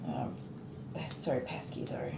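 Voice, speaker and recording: Frank woman groomer, echoey room. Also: unhurried. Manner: frank, self-mocking, laughs often. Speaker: dog groomer. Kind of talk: casual chat while grooming. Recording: echoey room, faint noise.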